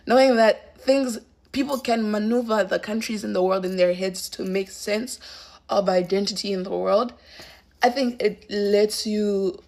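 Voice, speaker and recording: Thoughtful woman with a gravelly voice. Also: mid-range voice. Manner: thoughtful, rambling, many fillers. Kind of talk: casual commentary.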